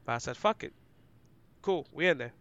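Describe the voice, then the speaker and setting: A man's voice: mid-range voice, normal speed, clear, resonant tone, dry recording, highs cut off. A young adult man, an esports commentator, telling stories in a casual, slangy interview chat. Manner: animated and slangy, many "like" fillers; describes himself as loud and outgoing.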